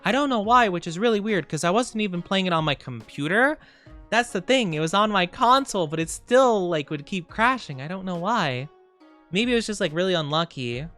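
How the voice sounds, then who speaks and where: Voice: medium pitch, animated, brisk, a bit bright, faint music behind. A live streamer in casual chat with viewers, rambling and thinking aloud with lots of fillers.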